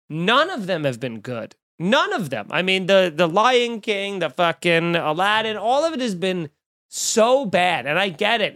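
A man's voice: sits high, fairly bright tone, no room sound, studio quality. A young man hosting a podcast, delivering a profane, exasperated comedic rant full of fillers and asides. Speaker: podcast host.

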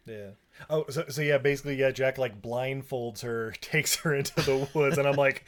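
A man on a podcast retelling a movie scene by scene, laughing a lot and slipping into quick character voices. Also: mid-range voice. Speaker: podcast co-host. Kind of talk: casual movie recap chat.

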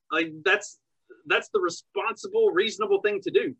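A man with a higher-than-usual pitch and a husky, slightly breathy voice talks in a loose podcast chat. He has a bright, forceful edge. He speaks bluntly, swearing freely and pressing hard when he gets going. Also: normal speed, highs cut off. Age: parent of young children. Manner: blunt, heated and profane, rising to angry outbursts. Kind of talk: casual conversational podcast.

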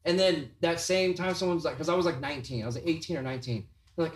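A man telling a story on a podcast, voice fairly high and sitting back from the mic in an echoey room. He swears freely and jumps into the voices of the people he's describing, casual and animated the whole way. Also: quick pace, few pauses, far from the mic. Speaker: podcast host, tattoo artist. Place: tattoo shop room. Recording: roomy, off-mic sound.

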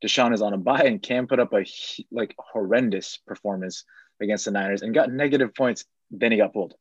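A man's voice: lowish voice, brisk, husky, no room sound, lo-fi sound. A man on a casual sports podcast, running through fantasy football stats and waiver picks. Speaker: fantasy football segment host.

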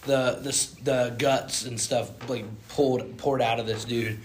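Young man, casual co-host chat, animated, faint hiss behind. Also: medium pitch, unhurried. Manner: animated, with sudden loud outbursts.

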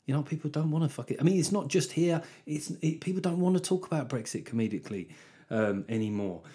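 A man's voice: a little high, lively intonation, fast talker, dark tone. A man hosting a podcast as a comedian, rambling through a casual comic monologue, swearing heavily and cutting himself off mid-sentence.

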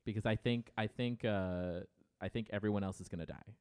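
A man's voice: lowish voice, fairly even intonation, a little fast, darkish tone, clear, resonant tone. A man co-hosting a podcast in casual chat, talking to listeners with frequent stammering restarts. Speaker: podcast co-host.

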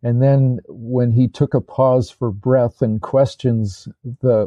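Older man, dark mellow voice, rambling. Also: medium pitch, fairly even intonation, takes it slowly, hardly any pauses, no room sound, lo-fi sound. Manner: rambling, frequent restarts and fillers. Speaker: guest, former tank commander. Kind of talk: casual interview storytelling.

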